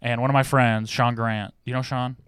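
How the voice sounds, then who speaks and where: Casting: young American-based male podcast host, smooth resonant voice, dry close recording, relaxed swearing storyteller. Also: mid-range voice, normal speed, no room sound. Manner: laid-back storytelling, swearing. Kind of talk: casual chat.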